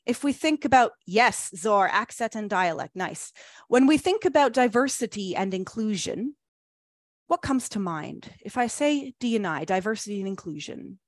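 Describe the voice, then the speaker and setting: A woman presenting a teacher-training webinar, upbeat and encouraging, reading chat replies aloud with quick praise. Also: mid-range voice, no room sound, studio quality.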